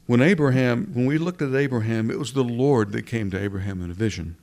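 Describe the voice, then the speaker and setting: Preacher, male, mid-pitched voice, earnest sermon delivery with repeated phrases for emphasis. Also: brisk, darkish tone.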